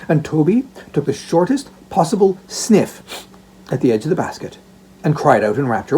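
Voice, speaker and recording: A man's voice: on the high side, very animated, normal speed, dark tone, a little hiss or hum. A man narrating a classic story aloud for an audiobook, in a theatrical storytelling manner. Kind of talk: expressive narration of a classic novella.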